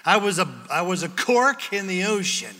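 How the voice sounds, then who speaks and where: A man's voice: high voice, expressive, normal speed, pushed and bright, big-room sound. A man preaching a sermon as pastor, in a conversational way with wry humor.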